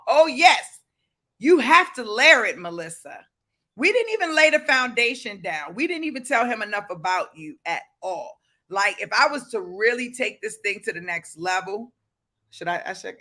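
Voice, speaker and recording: A man with a Baltimore accent hosting a motivational livestream, his voice pitched high and bright with a forceful edge. He preaches with fervor, reads viewer comments aloud, and breaks into shouts. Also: animated, moderate pace. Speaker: livestream host.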